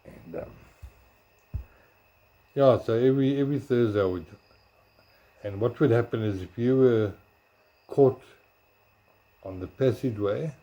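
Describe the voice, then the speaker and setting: A man telling stories from his school days in a rambling, casual way. He corrects himself and searches his memory aloud, sometimes talking softly. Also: medium pitch, a little slow, long pauses, lo-fi sound. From South Africa. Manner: talks softly at times. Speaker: blogger. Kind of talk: casual storytelling.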